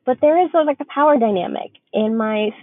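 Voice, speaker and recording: A woman's voice: a little high, brisk. A young woman co-hosting a podcast, talking candidly in casual chat, swearing freely and full of fillers. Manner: frank, swears freely, chatty with many fillers. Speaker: podcast co-host. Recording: tinny phone-like dry sound.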